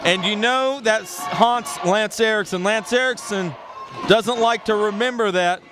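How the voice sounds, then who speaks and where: A man's voice: high voice, measured pace, music in the background, a crowd in the background. A man doing wrestling commentary, boastful and emphatic as he talks up the champion.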